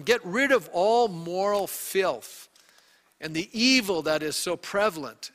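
A male pastor preaching in a chatty, questioning way, his voice pitched high and bright. The sound carries the long reverb of a church hall. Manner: conversational preaching with rhetorical questions to the congregation. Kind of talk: sermon.

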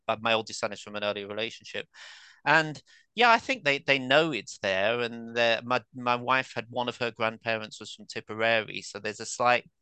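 A man's voice: medium pitch, pushed and bright, clear, resonant tone, no echo. A man in his fifties from England, a guest author and academic, talking casually and self-deprecatingly, full of asides and fillers. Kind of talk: casual conversational interview.

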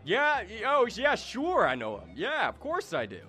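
A man's voice: sits high, huge pitch swings, normal speed, bright, forceful tone, faint music behind, pitched above the performer's own voice, exaggerated voice. A man voicing a smug, showy male god of bliss who brags and dodges questions. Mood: boastful. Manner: boastful, breezy, dodging questions.

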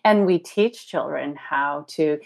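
Speaking slowly in a low voice with vocal fry, a woman in her sixties gives a reflective interview. She's earnest, yet she playfully shifts her delivery to voice the thoughts in her head.

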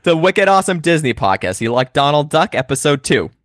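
A podcast co-host voicing a swaggering young Boston bro with a cocky, swearing manner and a heavy Boston accent. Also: male voice, a little high, very animated, fairly quick, a bit bright, dry recording, clean studio sound, voice pushed up. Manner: cocky, swearing, calls everyone kid.

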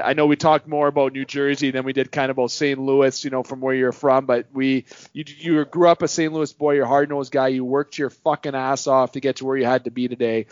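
Man, podcast host, effusive, run-on sentences, mid pitch, dry close sound, lo-fi. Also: dry recording. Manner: effusive, long run-on sign-off. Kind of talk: casual podcast chat. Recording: dry, muffled podcast audio.

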